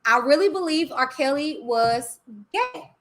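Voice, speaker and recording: A woman's voice: high-pitched, animated, unhurried, a bit bright, a little hiss or hum. A woman hosting a live stream, talking bluntly and animatedly in casual commentary. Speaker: livestream host.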